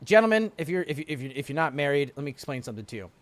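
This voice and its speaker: A man's voice: on the high side, very fast, no room sound. A man hosting a stream, telling a story casually and animatedly, often restarting his sentences. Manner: animated, frequent restarts and repeated words. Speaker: stream host.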